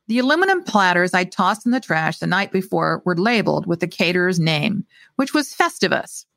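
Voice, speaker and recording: A woman author reading her own mystery short story aloud with expressive delivery. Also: on the low side, a little fast, creaky, dry recording.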